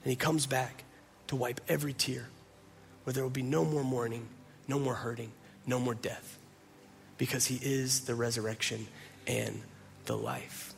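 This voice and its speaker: A man pastor preaching a sermon, earnest and emphatic, who slows to soft, quiet lines at the close. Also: mid-range voice, fairly even intonation, vocal fry, slight background noise.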